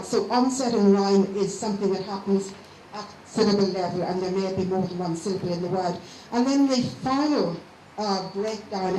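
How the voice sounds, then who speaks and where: A woman gives a lecture in a mellow, relaxed voice. She explains patiently and slows down to sound out each part of a word. The room is echoey, with a faint hiss behind her. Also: mid-range voice.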